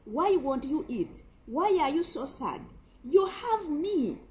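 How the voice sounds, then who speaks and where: A woman preacher voicing a puzzled husband who gently coaxes his wife with questions. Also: high-pitched, very animated, slow, full character voice. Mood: coaxing. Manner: coaxing questions.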